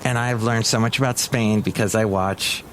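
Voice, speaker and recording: A man's voice: fairly low pitch, fairly even intonation, normal speed, fairly bright tone, slight background noise. A man hosting a podcast, chatting casually and jokily, rambling from one thought to the next. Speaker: podcast host. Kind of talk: casual chat.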